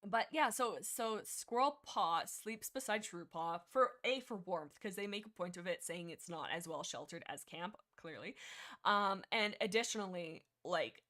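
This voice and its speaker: Woman yapping on her livestream, excitable, rambly, keeps restarting her sentences. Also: fairly low pitch, unhurried. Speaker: livestream host. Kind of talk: casual livestream chat.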